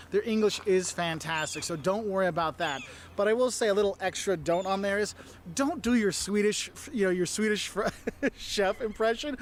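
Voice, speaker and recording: A man presenting travel advice in a lively, chummy way, often acting out little voices. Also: high voice, normal speed, slight background noise.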